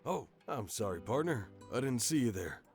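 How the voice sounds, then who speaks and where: A man's voice: mid-range voice, sing-song, moderate pace, soft background music. A man voicing a polite broad-shouldered male stranger in a game, speaking in an apologetic, genteel way.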